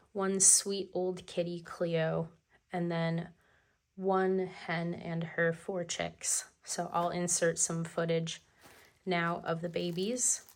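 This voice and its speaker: A woman's voice: lowish voice, a little hiss or hum. A woman vlogger chatting casually as she unboxes her planners, enthusiastic about the stationery.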